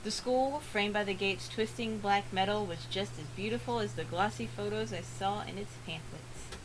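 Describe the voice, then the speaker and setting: A woman reading a visual novel aloud for a let's play, earnest, with dramatic pauses. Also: mid-range voice, noisy background.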